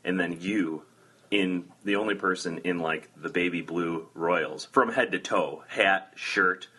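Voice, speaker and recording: A man's voice: deep voice, measured pace, sharp tone, breathy edge. A man hosting a podcast in casual chat, rambling with lots of fillers. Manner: laid-back, rambling with many fillers and laughs. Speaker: podcast host.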